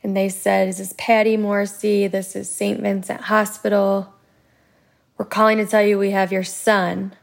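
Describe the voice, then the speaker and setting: Gravelly, flat-voiced woman recounting. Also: medium pitch. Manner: halting retelling with many fillers. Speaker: bereaved wife interviewed. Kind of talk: recounted interview testimony.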